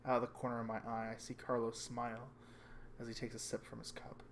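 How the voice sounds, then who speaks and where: A man reading a visual novel aloud with calm first-person narration. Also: mid-range voice, fast, slight background noise. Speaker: reader.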